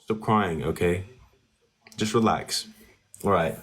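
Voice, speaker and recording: A man hosting a live-stream debate speaks in a low, husky voice. He talks down to a caller, mocking him and repeating himself. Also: slow pace, a bit bright. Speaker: TikTok live debate host.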